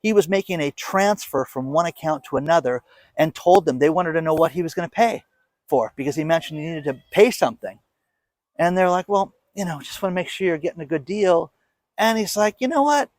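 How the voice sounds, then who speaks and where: A man's voice: a little high, a little fast, dry recording. A man in his fifties, hosting a casual monologue, telling a story with emphatic, indignant energy and acting out quoted lines. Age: 50s. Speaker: show host.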